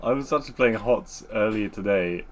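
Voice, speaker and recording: A man co-hosting a podcast, chatting in a relaxed way, laughing easily and swearing casually. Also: fairly low pitch, normal speed. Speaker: podcast co-host. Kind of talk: casual chat.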